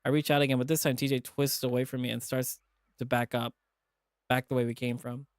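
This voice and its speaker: A man's voice: mid-range voice, fairly quick, no room sound, clean studio sound. A man streaming as he reads a visual novel aloud and voices its characters in a dramatic way. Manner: dramatic reading, animated asides.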